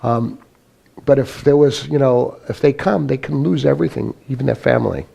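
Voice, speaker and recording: Gravelly, rambling man telling his story. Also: mid-range voice, normal speed, mellow. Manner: rambling storyteller, leans on "you know". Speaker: guest speaker sharing his testimony. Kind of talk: informal spoken testimony to a congregation. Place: church meeting.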